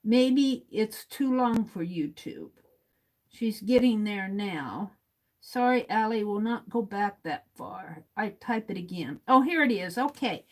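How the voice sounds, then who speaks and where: Slow-talking woman livestream host. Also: medium pitch, expressive, a little mellow. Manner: reads viewer comments aloud, chatty and slow. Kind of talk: casual livestream chat while writing.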